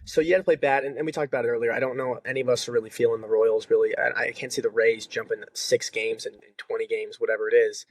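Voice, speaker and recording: A man co-hosting a podcast, giving fast, steady opinions in casual chat. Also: medium pitch, no room sound. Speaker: podcast co-host.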